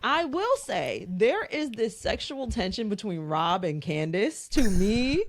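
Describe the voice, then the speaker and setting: A woman's voice: mid-range voice, sing-song, a little slow, vocal fry. A woman co-hosting a pop culture podcast, telling gossip in an emphatic, playful, profane way. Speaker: podcast co-host. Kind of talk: casual chat.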